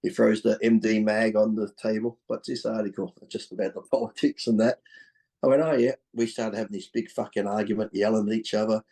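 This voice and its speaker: On a podcast, a former professional bodybuilder, a middle-aged Australian man, tells stories in a blunt, fired-up way, cursing and laughing as he goes. His voice is low and mellow with little pitch movement, and his pace is brisk.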